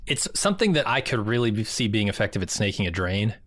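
A man's voice: lowish voice, big pitch swings, quick pace, fairly bright tone, no room sound. A man co-hosting a podcast, talking in a casual, wry, chatty way. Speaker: podcast co-host. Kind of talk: casual chat.

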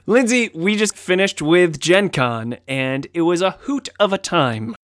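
Male podcast host, bright and slightly high voice, teasing and playful, dry close mic. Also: animated, measured pace, no room sound. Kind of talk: casual podcast banter.

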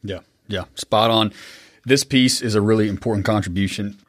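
Low-ish guy host rambling through a podcast interview, lots of you knows, dry close mic. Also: moderate pace, dry recording. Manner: rambling, self-deprecating, lots of fillers. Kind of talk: casual interview chat.

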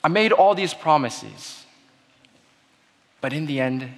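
A young man giving a sermon-style talk, telling a childhood story in an earnest way that goes quiet at the sad moments. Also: on the high side, expressive, slow pace. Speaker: speaker giving a Christmas message. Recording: long hall reverb.

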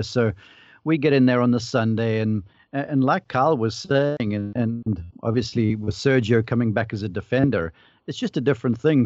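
A man's voice: medium pitch, darkish tone, dry recording, muffled recording. A man on a podcast casually telling a story, acting out the lines of the people in it. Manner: anecdotal, acts out quoted dialogue. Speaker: podcast panelist, former caddie.

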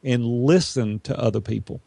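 A male business coach talking emphatically and persuasively in an interview, acting out the dialogue he quotes. His voice sits at an ordinary pitch for a man. The sound is dry and close, with no room echo. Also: moderate pace, vocal fry, dark tone, slightly rough. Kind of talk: casual interview storytelling.

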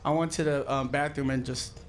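A man's voice: medium pitch, steady tone, a little hiss or hum. A man co-hosting a talk show, telling crude jokes and laughing easily. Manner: crude, joking, quick to laugh. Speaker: co-host. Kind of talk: casual podcast banter.

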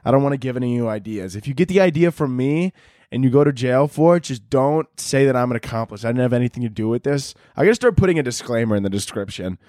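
A man's voice: medium pitch, animated, quick pace, mellow, no echo, clean studio sound. A young man hosting a podcast, delivering a crude, rambling comedic monologue and laughing at his own jokes. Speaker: podcast host.

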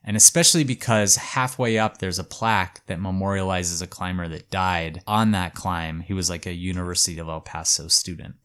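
A man hosting a podcast, casually telling a story with a relaxed, hedging manner and lots of fillers. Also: low voice, a little fast, few pauses, clean tone.

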